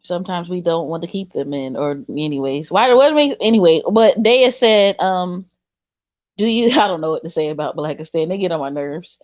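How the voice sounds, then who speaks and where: A woman co-hosting a casual livestream chat, animated and laughing often, trailing off and restarting her sentences. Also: on the low side, moderate pace, no echo. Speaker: co-host. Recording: dull lo-fi sound.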